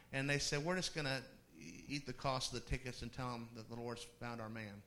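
A man's voice: medium pitch, fairly even intonation, brisk, few pauses, pushed and bright. A middle-aged male pastor telling a personal story in a sermon, conversational, with laughing asides and restarts.

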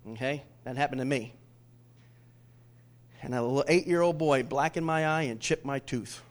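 A middle-aged pastor preaching a sermon, animated, drawing the congregation into call-and-response, swinging between loud declarations and hushed asides. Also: male voice, medium pitch, moderate pace.

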